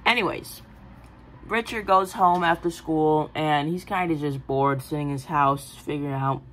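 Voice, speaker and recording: A woman casually pitching a film idea, rambling with many fillers and giggly asides. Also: normal speed, fairly bright tone, slight background noise, rough recording. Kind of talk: casual movie-pitch chat.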